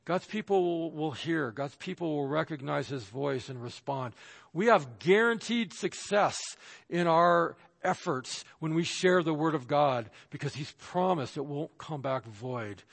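A male pastor preaches with an emphatic, somewhat high voice, acting out the people and voices he quotes. His words ring out with a long reverb, as in a large church sanctuary. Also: creaky. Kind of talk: sermon.

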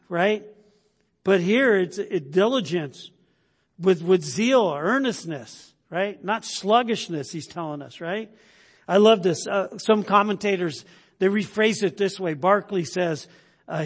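A man's voice: high-pitched, breathy edge. Man preaching in a reverberant hall. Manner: conversational preaching, keeps asking "right?"; repeats words and restarts, then rises to loud emphasis. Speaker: pastor. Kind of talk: sermon.

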